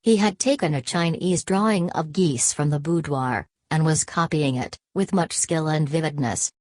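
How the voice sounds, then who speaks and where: Audiobook narrator, woman, low deep register, dry close sound, measured delivery. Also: no echo. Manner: steady, measured reading with quoted dialogue. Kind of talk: scripted narration.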